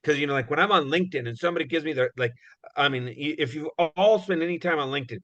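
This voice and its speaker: A man's voice: fairly high pitch, racing, pushed and bright, dry recording. A man giving a casual, rambling talk on recruiting, full of "you know" fillers, acting out little dialogues. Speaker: guest speaker on recruiting. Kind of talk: conversational presentation. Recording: dull, muffled audio.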